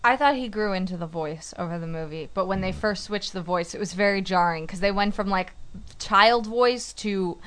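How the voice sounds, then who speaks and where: A woman co-hosting a casual podcast, chatty and quick to laugh. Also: medium pitch, a bit bright. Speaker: podcast co-host. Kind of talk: casual chat.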